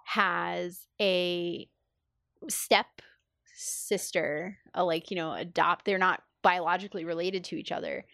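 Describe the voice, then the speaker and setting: A woman's voice: on the low side, gravelly, fairly bright tone, dry recording, studio quality. A woman co-hosting a podcast, chatting casually and enthusiastically, often saying "like". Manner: chatty, enthusiastic, frequent filler "like". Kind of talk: casual chat.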